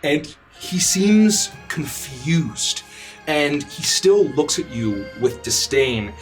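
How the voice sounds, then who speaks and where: A man narrating a tabletop game as game master, slow and halting with frequent fillers. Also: a little high, sing-song, soft background music.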